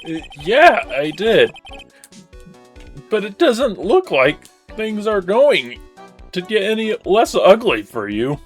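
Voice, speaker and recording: A man's voice: high voice, very animated, slow, faint music behind, exaggerated voice. A man voicing a wry young male defense lawyer in a fan dub of a video game, dry and sarcastic.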